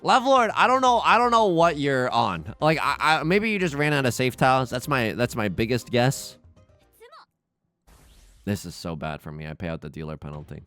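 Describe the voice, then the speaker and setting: A young man gives casual commentary on his own game, dramatic and self-mocking. His pitch leaps about constantly, from hushed mutters to loud cries, while soft music plays under him. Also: sing-song, normal speed. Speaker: let's play host.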